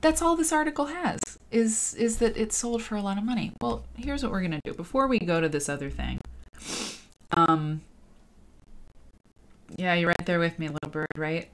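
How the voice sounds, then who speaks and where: A woman's voice: mid-range voice, normal speed. A woman in her thirties hosting a casual livestreamed quilting show, emotional and talking to her viewers directly. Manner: emotional, talks to viewers and reads comments aloud. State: tearful at times.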